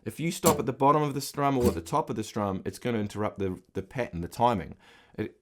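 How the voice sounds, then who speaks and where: A middle-aged guitar teacher with a lowish voice talks fast as he patiently explains and counts the beats aloud while strumming. Loud acoustic guitar strumming sits under his voice.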